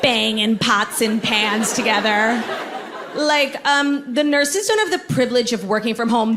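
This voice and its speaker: A woman's voice: a little high, moderate pace, background noise. Brash young woman doing stand-up, crowd laughing. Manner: brash, self-absorbed, deadpan sarcasm. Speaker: stand-up comedian. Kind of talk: stand-up comedy set. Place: theatre stage before a live audience. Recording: live theatre recording with crowd laughter. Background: audience laughter.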